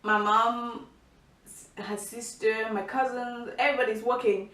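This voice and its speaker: High-voiced woman in a roomy space. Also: unhurried. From Cameroon. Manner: chatty, animated, many restarts and fillers. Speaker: vlogger. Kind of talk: casual storytelling to camera. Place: indoor room by a window. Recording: roomy, distant mic.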